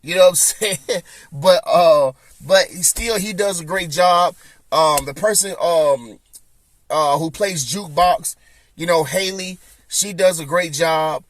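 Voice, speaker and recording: A man's voice: on the high side, unhurried. A man hosting a podcast, chatting loosely and rambling with lots of fillers. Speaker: podcast host. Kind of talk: casual chat.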